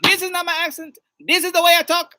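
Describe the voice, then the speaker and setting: Dude doing a high-pitched arabic-accent guy, insistent, loud. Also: little pitch movement, fast, no echo, studio quality, exaggerated voice. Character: man insisting he has no accent.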